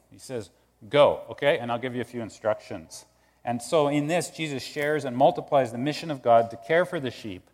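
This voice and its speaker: Conversational male pastor in a reverberant hall. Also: mid-range voice. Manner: conversational, animated, acts out quoted voices. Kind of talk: sermon.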